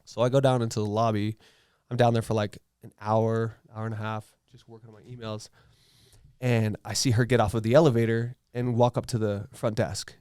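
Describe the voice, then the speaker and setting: A man's voice: on the low side, little pitch movement, a little fast, warm tone, clear, resonant tone, dry recording, studio quality. Laid-back man telling a story bluntly. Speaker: tattoo artist guest. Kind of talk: casual storytelling chat.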